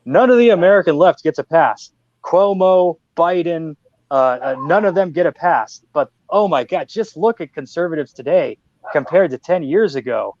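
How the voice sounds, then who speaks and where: A man hosting a podcast over a video call, chatting casually in an animated, joking, rambling way. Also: on the high side, normal speed, no room sound, highs cut off. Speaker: podcast host. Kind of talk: casual chat.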